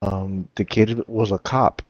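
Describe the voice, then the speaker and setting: A man's voice: lowish voice, level tone, takes it slowly, no echo. A young man chatting loosely during a game stream, rambling from one thought to the next in slangy speech. He often laughs as he tells his stories. The recording is dry and slightly dull. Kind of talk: casual chat.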